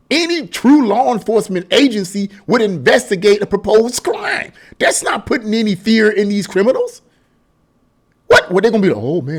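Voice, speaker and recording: A man hosting his own commentary channel, delivering a heated, emphatic political rant with lots of repetition. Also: high-pitched. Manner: mocking singsong asides.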